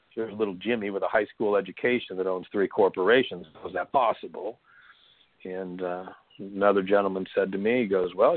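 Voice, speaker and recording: A man's voice: on the low side, dry recording, narrow, tinny audio. A middle-aged man from San Diego, a hypnosis trainer, telling stories chattily as a guest, laughing now and then, with lots of fillers. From San Diego, California. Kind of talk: conversational storytelling interview.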